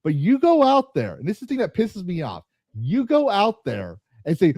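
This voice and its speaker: Huge pitch swings mark this man's high voice as he rages through a gaming podcast rant at normal speed, swearing and repeating himself with lots of restarts. He is a podcast host and streamer, and his slightly mellow voice comes through a dry recording.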